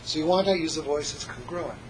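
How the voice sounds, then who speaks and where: A man teaching a hypnosis class, jumping between a lively, joking lecture voice and soft, slow hypnotic demonstrations. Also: on the high side, noisy background. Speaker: hypnosis instructor. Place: classroom with students.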